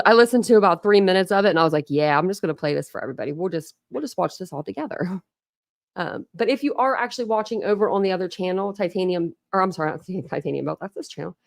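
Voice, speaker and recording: This woman has a mid-range voice and hosts a live stream commentary channel from Ohio, her accent tinged by Philadelphia family roots. She rambles casually with viewers, laughing a lot and leaning on fillers. The clean studio recording has no echo.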